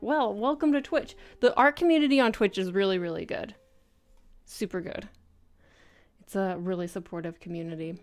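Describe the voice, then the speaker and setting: A woman's voice: medium pitch, moderate pace. A woman art streamer chatting casually on a livestream, bubbly and giggly as she greets her viewers. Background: faint background music.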